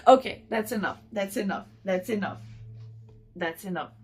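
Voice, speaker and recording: A woman's voice: medium pitch, moderate pace, a little mellow. A woman hosting her channel, chatting casually to viewers as she unboxes, gushing and talking to them directly. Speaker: channel host.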